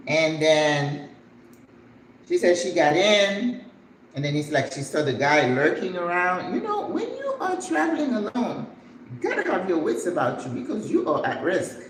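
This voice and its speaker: An older woman who hosts a cooking channel tells a lively, dramatic story while she cooks, acting out the people in it. Her voice sits on the low side, and the echoey room carries faint background noise.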